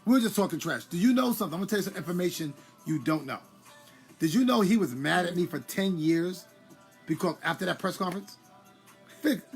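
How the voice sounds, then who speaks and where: Faint music plays behind a middle-aged New York man who chats at length on his live stream, calling out viewers by name in the manner of a former boxer. He has a gravelly voice that is slightly high for a man.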